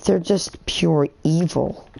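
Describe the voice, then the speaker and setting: A woman's voice: sits low, slow pace, gravelly, a little mellow, a little hiss or hum. A woman streaming a game live, ranting in a heated, indignant way with lots of fillers and restarts. She is from the United States. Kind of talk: rambling live-stream rant while gaming.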